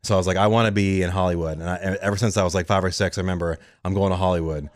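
A man's voice: low voice, dry recording. A man telling his career story as a guest in a casual interview, acting out quoted conversations. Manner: fast, animated storytelling with quoted dialogue. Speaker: guest, radio producer.

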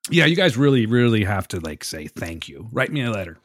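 Sick, husky-voiced male podcast host. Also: lowish voice, sing-song, fairly quick, no room sound, clean studio sound. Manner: jokey, self-mocking, rambling. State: sick, rough voice. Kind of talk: casual podcast banter.

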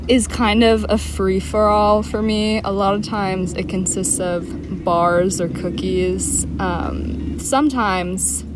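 A 19-year-old woman from Seattle, a guest hiker in a casual outdoor interview, unhurried and giggly. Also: medium pitch, fairly even intonation, very noisy. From Seattle, Washington.

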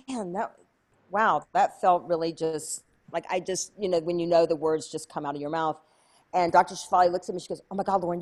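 A woman telling a story as an interview guest, lively and chatty, acting out other people's voices with many fillers. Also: lowish voice. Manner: animated, acts out quoted voices, many fillers. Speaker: interview guest, speaker and coach.

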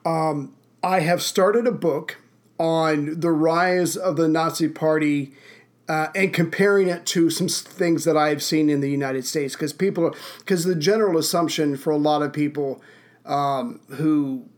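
A man's voice: on the high side, steady tone, measured pace. A man hosting a podcast, telling stories in a rambling, self-deprecating way. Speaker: podcast host. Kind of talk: casual chat.

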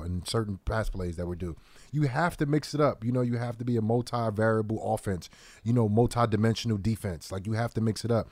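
A man's voice: medium pitch, fairly quick, darkish tone, dry recording. A man who used to play football, talking casually on a sports talk show, often repeating phrases and saying "like.". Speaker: former football player co-host.

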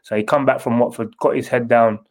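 A man's voice: medium pitch, fairly even intonation, a little fast, poor audio. A man, a former footballer answering interview questions in a loose, rambling way with many restarts. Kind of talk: casual interview.

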